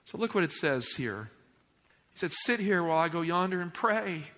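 A male pastor delivering an emphatic sermon in a church, swinging between loud declarations and hushed asides. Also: fairly high pitch, lively intonation, normal speed, big-room sound. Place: church sanctuary.

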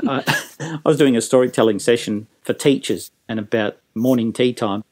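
Animated storyteller man. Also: medium pitch, normal speed. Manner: animated storyteller, acting out quotes. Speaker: guest, business trainer. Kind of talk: casual interview talk.

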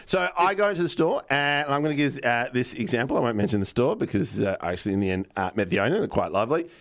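A man's voice: medium pitch, lively intonation, quick pace, fairly bright tone. A man with an Australian accent, co-hosting a podcast and telling a story casually, swearing freely and acting out both sides of the conversation. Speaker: podcast co-host.

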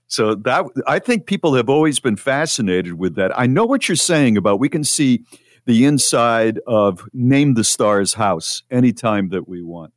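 A man co-hosts a radio talk show and tells a story in a measured, reflective way. His voice sits at a medium pitch. The recording is dry and close, with no room around it. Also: very animated, no room sound. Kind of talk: casual chat.

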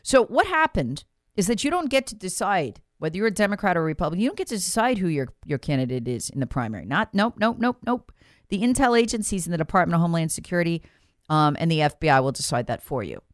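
A woman's voice: on the low side, big pitch swings, fast, no room sound, clean studio sound. A woman hosting a talk show, giving an emphatic, sarcastic political commentary monologue and repeating words for emphasis. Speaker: talk radio host.

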